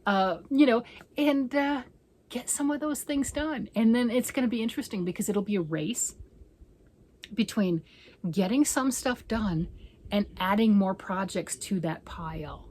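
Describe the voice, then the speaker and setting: A woman's voice: fairly high pitch, measured pace, darkish tone. A woman talking casually to her viewers, chatty and self-teasing, slipping into whispers and playful outbursts. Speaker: crafting vlogger. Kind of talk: casual chat to camera. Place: home.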